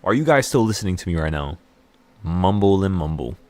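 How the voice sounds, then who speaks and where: A man hosting a trading channel, speaking in an intense, rambling motivational monologue full of excitement and repeated words. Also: sits low, fairly quick, no echo.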